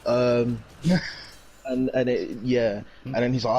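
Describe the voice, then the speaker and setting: A man's voice: medium pitch, steady tone, slow pace, vocal fry, pauses often, darkish tone, a little hiss or hum. A young man, casually recapping a TV episode in a rambling, slangy way. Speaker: reviewer. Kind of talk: casual chat.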